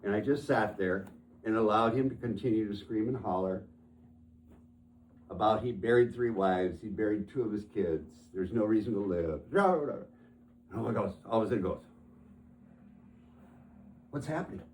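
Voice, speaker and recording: A man's voice: fairly low pitch, moderate pace, darkish tone, a little hiss or hum. A man who works as a therapist, telling stories from his practice in an earnest conversational way and often restarting his phrases.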